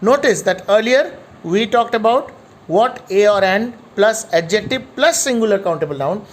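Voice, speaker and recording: A woman teaching an English grammar lesson, explaining examples on screen patiently and repeating them slowly for emphasis. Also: medium pitch, animated.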